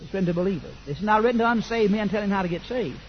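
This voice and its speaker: An older man, preaching a sermon that swings from quiet asides to loud fervent declaration. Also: high voice, very fast, lo-fi sound.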